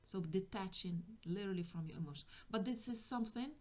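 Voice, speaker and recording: A woman's voice: medium pitch, quick pace, darkish tone. A woman giving a tarot reading for spiritual guidance, speaking hesitantly and often restarting as she searches for words. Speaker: tarot reader.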